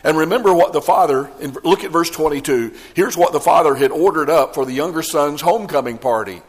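A male pastor delivers a sermon in an earnest preaching manner, stumbling over restarts before pressing his point with growing emphasis. His voice sits a little higher than most men's. A long reverb trails behind each phrase, as in a church sanctuary. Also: fairly quick.

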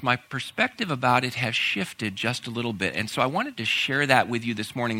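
A man preaching a conversational sermon, talking casually with fillers and growing animated at times. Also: medium pitch. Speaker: pastor.

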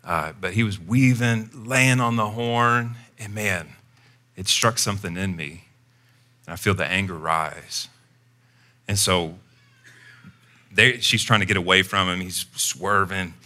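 A man preaching a sermon as pastor, telling a personal story in a conversational way and acting out his own lines. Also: lowish voice. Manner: conversational storytelling, animated when quoting himself.

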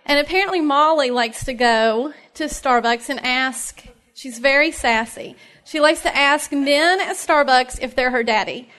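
Chatty high-voiced Tennessee woman. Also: measured pace, few pauses, fairly bright tone. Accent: East Tennessee Southern. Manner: chatty and heartfelt, many fillers, laughs often. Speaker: speaker at a moms' ministry meeting. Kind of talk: personal faith talk to a group.

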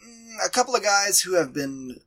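A man with a high voice that swings all over as he talks. He co-hosts a casual movie review chat, animated and exasperated, and he often slips into mock voices to quote his own reactions. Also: normal speed. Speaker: podcast co-host.

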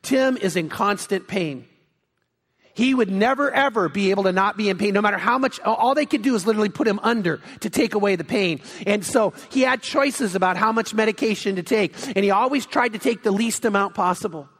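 High-voiced pastor preaching in a reverberant hall. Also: male voice, a little fast. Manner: animated storytelling, acts out quotes. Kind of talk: sermon. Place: church sanctuary.

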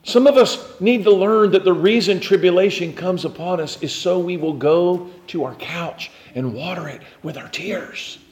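A man preaching a sermon, dropping to soft low asides and then climbing into impassioned cries as he acts out prayers. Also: normal speed, few pauses. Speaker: pastor.

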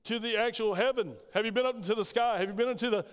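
A man delivers a sermon as pastor, stacking rhetorical questions and slipping into the voices of the people he quotes. His voice sits fairly high. The sound carries a long reverb from the church sanctuary. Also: fast, clean tone. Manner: preaching with rhetorical questions, quoting scripture in acted voices.

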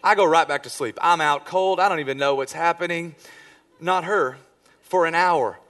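A man in his thirties, a pastor preaching a sermon, telling personal stories and acting out quoted lines with sudden swings between loud and hushed. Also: fairly high pitch, normal speed. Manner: storytelling with acted-out quotes, dramatic swings in volume.

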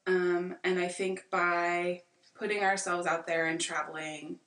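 A woman's voice: fairly low pitch, flat delivery, measured pace, fairly bright tone, roomy sound, recorded from a distance. A young American woman in her twenties, a podcast guest, talking reflectively in a rambling, casual way with many fillers. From United States. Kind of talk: casual conversation.

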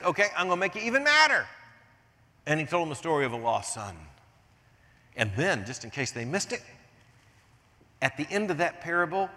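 Animated older American preacher in a hall. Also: male voice, on the high side. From United States. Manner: animated, swings from hushed to emphatic. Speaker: pastor. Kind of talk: sermon. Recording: long reverb of a large hall.

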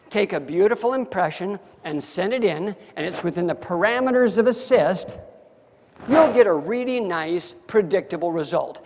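A man's voice: high voice, a little hiss or hum. A man giving a continuing-education lecture to dentists, folksy, direct and emphatic in manner. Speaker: dental lecturer. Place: lecture hall. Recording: dull sound with long hall reverb.

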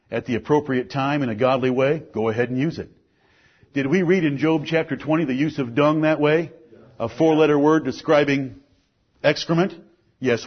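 A man preaching a sermon, emphatic, rising to loud peaks and then dropping low. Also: husky. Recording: muffled lo-fi recording.

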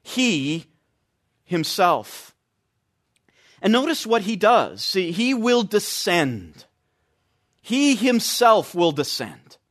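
A man's voice: sits high, big pitch swings, extremely slow, pauses often, a bit bright. A man preaching an expository sermon, stressing key phrases by repeating them.

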